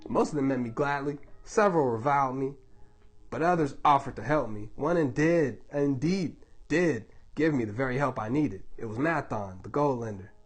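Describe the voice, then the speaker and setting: A man reading a book aloud to his baby, telling the story in a measured, dramatic way. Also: medium pitch, soft background music.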